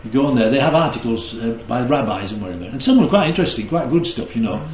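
Man, Bible study leader, animated pitch, roomy sound. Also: fast talker, a little hiss or hum. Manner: keeps checking in with the group. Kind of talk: interactive Bible teaching. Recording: roomy, slightly dull recording.

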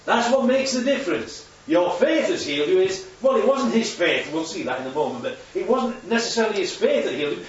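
High, lively preacher in an echoey hall. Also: male voice, brisk, hardly any pauses. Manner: animated, asks the congregation questions. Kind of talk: interactive sermon with slides. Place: church hall. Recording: echoey hall from far off, dull.

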